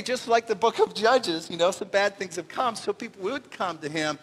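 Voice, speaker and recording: Casting: male pastor, high voice, animated and joking, sermon in a reverberant church. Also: moderate pace, hardly any pauses, slightly rough. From Canada. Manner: animated, jokey, acts out little voices. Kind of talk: conversational sermon. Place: church sanctuary. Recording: long reverb of a church hall.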